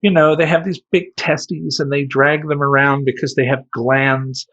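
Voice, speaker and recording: Breezy young shop girl put on by a man, high and chirpy, husky edge. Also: steady tone, measured pace, fairly bright tone. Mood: matter-of-fact. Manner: chirpy, matter-of-fact. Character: perky young woman pet shop worker. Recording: dull lo-fi sound.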